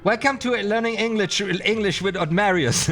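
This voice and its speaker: A non-native English speaker with a German accent teaches card magic on a casual live stream, chatty and playful. His voice sits high and a bit bright as he reads aloud hesitantly, slowly sounding out words with many fillers, over soft background music.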